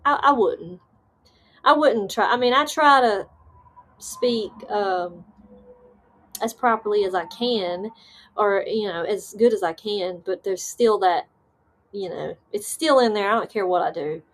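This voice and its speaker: A woman from the Southern United States, speaking with a Southern accent in a slightly bright, mid-range voice at a measured pace, hosts a live paranormal stream. She's laid-back and chatty, reading viewers' comments, laughing easily, and using many fillers.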